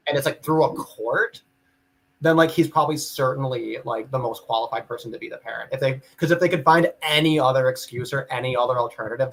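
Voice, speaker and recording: A man hosting a casual podcast, reading out comments and reacting with animated, profane asides and frequent laughs. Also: medium pitch, rough recording. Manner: animated, swearing, laughing, many restarts. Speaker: podcast host.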